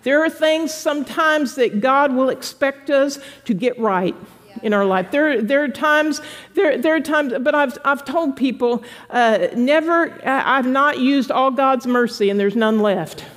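High-voiced woman pastor preaching in a hall. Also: a little slow. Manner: animated preaching with playful voiced asides. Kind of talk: sermon. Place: church sanctuary with congregation.

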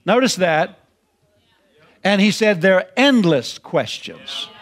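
Preacher guy, high voice, folksy and repetitive, ramps up to shouting. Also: sing-song, takes it slowly. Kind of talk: sermon.

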